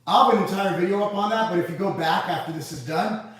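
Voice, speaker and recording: A man's voice: sits high, fast talker, fairly bright tone, heavy reverb, recorded from a distance. A man hosting a casual live Q&A, reading viewer comments aloud and answering them in a blunt, profane, sarcastic way.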